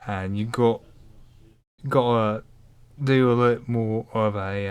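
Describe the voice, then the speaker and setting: A man's voice: fairly low pitch, fairly even intonation, takes it slowly, long pauses, a little mellow, clear, resonant tone. A young man chatting casually, rambling and hesitant with many fillers. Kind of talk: casual vlog chat.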